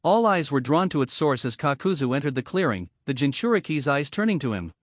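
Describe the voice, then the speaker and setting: A man reading fan fiction aloud in a steady, even narration. His voice sits fairly high for a man and the recording is dry and close, with no room sound. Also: brisk, dry recording.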